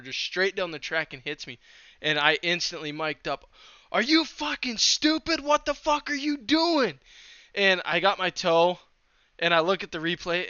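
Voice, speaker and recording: A man telling a racing story in a casual podcast chat, animated and laughing along as he talks. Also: on the high side, clear, resonant tone, no room sound, dull audio.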